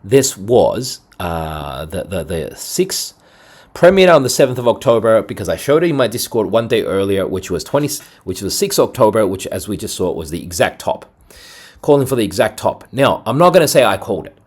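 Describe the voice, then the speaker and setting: A man hosting a crypto trading video talks over charts in casual market commentary at a normal speed. His husky voice stays energetic and salesy, peppered with "right?" and "boom".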